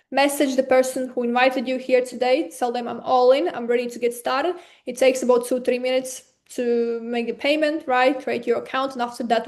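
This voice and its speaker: Lady w/ non-native accent doing a webinar sales pitch, upbeat and personal, kinda high voice. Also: darkish tone. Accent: non-native English. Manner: eager, persuasive, personal. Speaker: webinar presenter.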